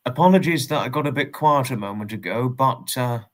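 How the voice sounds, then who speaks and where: English male livestream host, mid-pitched, rambling and repetitive, politely formal with viewers. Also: fairly quick. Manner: rambling, repeats himself, polite and formal phrasing. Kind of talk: casual livestream chat, greeting viewers and reading messages.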